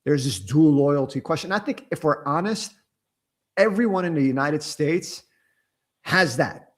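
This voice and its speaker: A male podcast host chats casually, rambling and excitable, with many restarts and fillers. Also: a little high, measured pace. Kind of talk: casual interview chat. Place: Germany.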